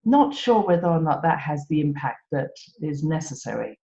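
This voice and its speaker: British woman podcast host, low voice, gentle and wry, echoey room, dull lo-fi sound. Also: very animated, moderate pace, creaky. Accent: British English. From Britain. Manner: gentle, self-mocking, laughs often. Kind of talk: reflective solo podcast talk.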